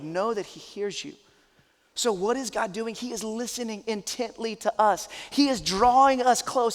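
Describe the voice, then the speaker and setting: A man's voice: high voice, in a large hall. A man, a pastor, preaching a sermon in an earnest, conversational, emphatic way.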